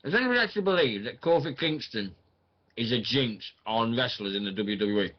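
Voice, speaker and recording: A man's voice: mid-range voice, expressive, brisk, muffled recording. A man hosting a casual online radio show, rambling and thinking aloud with plenty of fillers.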